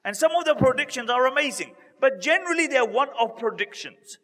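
A man giving a religious talk as a story, repeating key points for emphasis and building to lively retellings. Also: extremely high pitch, brisk, in a large hall. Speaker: Islamic preacher.

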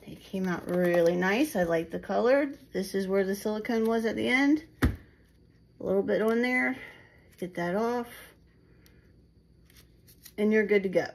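This woman's medium-pitched voice is creaky and a little mellow, moving a little slowly with long pauses. She makes resin craft videos, chatting casually and self-deprecatingly to viewers as she works at her home table, captured on a phone camera in a rough recording with slight background noise.

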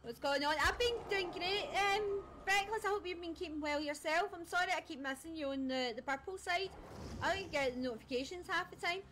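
A woman's voice: very high voice, brisk, a bit bright, a little hiss or hum. A woman streaming a game live, chatting casually with viewers and friends, laughing often and a little scattered. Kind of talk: casual live-stream chat while gaming.

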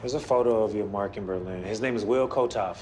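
A man's voice: lowish voice, quick pace, a little mellow, a little hiss or hum, lightly acted. An actor playing a terse male spy handler in a TV drama scene, giving firm, clipped instructions. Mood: curt.

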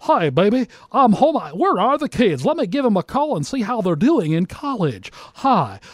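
A man mimicking a cheesy old-school male radio announcer with a booming carnival-barker delivery. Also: sing-song, normal speed, no echo. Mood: chipper.

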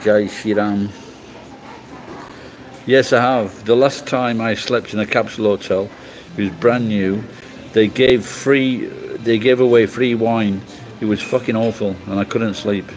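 A man's voice: lowish voice, steady tone, measured pace, a little hiss or hum, rough recording. A middle-aged man from England chatting casually on a livestream, rambling and swearing bluntly as he answers comments. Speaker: livestream host.

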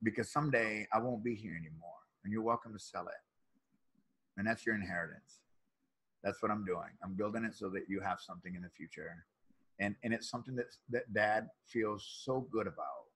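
A man in his fifties telling stories as a podcast guest, energetic, often laughing and repeating his words. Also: lowish voice, a little fast, slightly rough, rough recording. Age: 50s. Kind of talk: animated storytelling.

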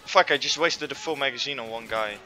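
A man's voice: medium pitch, a little fast, bright, forceful tone, a little hiss or hum. A man commentating on his own gameplay, frustrated and swearing constantly. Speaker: gamer. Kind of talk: let's play commentary.

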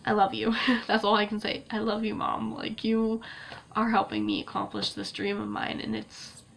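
A woman's voice: medium pitch, flat delivery, moderate pace, vocal fry, fairly bright tone, slight background noise. A young woman vlogging to camera in a casual, gushing way, laughing often and tearing up. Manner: emotional, gushing, laughs often, many fillers. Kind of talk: casual vlog talk to camera.

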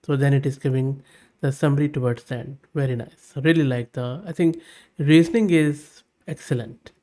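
A man at a middle pitch talks through a screen-recorded tutorial. He narrates each step as he goes and reads his prompts and the results aloud. His verdicts come out upbeat and plain-spoken. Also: fairly even intonation, moderate pace, dark tone. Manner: thinks aloud while testing, reads prompts and outputs aloud. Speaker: tech channel host.

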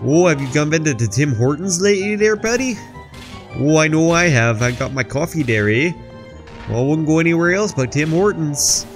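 A man's voice: fairly high pitch, animated, moderate pace, faint music behind, pitched above the performer's own voice, natural voice. A man voicing a cheerful stereotyped Canadian lumberjack, chatty in a mock Canadian accent and tacking "eh" onto his lines. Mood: folksy.

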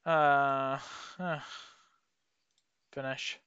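A man's voice: fairly high pitch, slow, pauses often, smooth, no echo, lo-fi sound. Rambling Kiwi man playing a game. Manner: rambling, swears a lot, excitable outbursts. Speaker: gaming YouTuber. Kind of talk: casual gameplay commentary.

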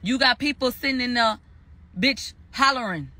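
A man's voice: very high voice, normal speed, bright, forceful tone, no room sound. A man giving a heated spoken recap, emphatic and profane, repeating phrases for stress. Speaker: commentator recounting a court verdict.

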